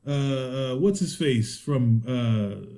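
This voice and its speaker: A man co-hosting a podcast, telling a profane story in casual chat and acting out the exchanges in animated bursts. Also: mid-range voice, slow pace. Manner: animated, swears constantly, acts out exchanges. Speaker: podcast co-host.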